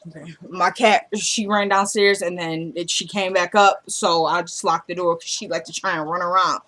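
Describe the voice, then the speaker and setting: A woman at home vlogging a casual recap of a TV drama episode, quoting the characters' lines in a quieter voice and making loose asides to her viewers. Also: lowish voice, fairly even intonation, normal speed. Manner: retells dialogue, dropping to a quieter voice for quoted characters.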